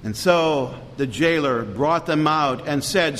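A man's voice: animated, slow pace, few pauses. Fervent preacher man in a reverberant hall. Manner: fervent, emphatic preaching with sudden loud rises. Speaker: pastor. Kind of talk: sermon. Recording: long hall reverb, faint rumble.

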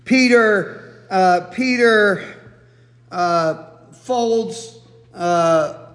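A man giving a Bible teaching sermon in a relaxed, conversational way, full of restarts and asides. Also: high voice, extremely slow. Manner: conversational, many restarts and fillers. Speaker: preacher. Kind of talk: expository sermon. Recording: echoey hall.

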